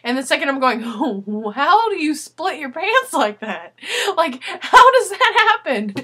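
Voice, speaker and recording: A young woman telling a story in a casual video letter, animated and swearing, acting out what people said. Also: sits high, unhurried. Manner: animated, swearing, acts out quotes.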